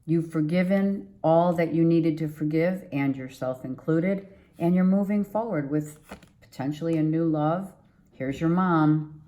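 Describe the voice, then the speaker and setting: Low, slow-talking woman reading tarot. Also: warm tone. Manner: rambling, repeats herself, upbeat and encouraging. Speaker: tarot reader. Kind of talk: casual tarot reading to viewers.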